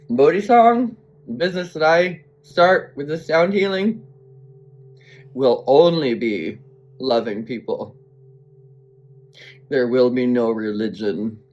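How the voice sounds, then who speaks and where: A man's voice: medium pitch, darkish tone, lo-fi sound. A man telling a personal story to camera, earnest and emotional, speaking bluntly and swearing now and then. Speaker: vlogger.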